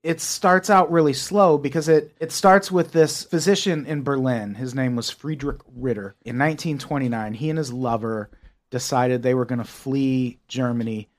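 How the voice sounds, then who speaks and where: A man co-hosting a podcast, retelling a documentary in loose, profane, animated chat. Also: medium pitch, moderate pace. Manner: swears freely, animated storytelling. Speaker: podcast co-host. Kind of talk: casual chat.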